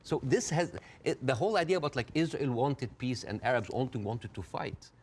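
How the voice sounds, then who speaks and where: A man speaking as an interview guest in a heated debate, animated and quick to push back, often acting out the people he quotes in a raised voice. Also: medium pitch, slight background noise. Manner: fast, interrupts and pushes back.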